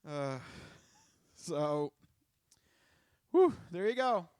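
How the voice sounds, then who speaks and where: A man's voice: fairly high pitch, very animated, drawn-out words, a little mellow, clean tone, dry recording, clean studio sound. A man co-hosting a podcast in casual chat, joking, laughing often and trailing into restarts. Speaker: podcast co-host.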